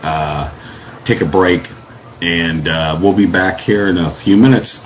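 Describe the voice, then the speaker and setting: A deep-voiced man talks in a loose, rambling way, full of fillers and restarts. The sound is dull and lo-fi, like an old radio show. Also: a little slow, noisy background. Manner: rambling, many fillers and restarts, folksy grammar. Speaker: guest describing a Sasquatch sighting. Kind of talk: casual call-in radio talk.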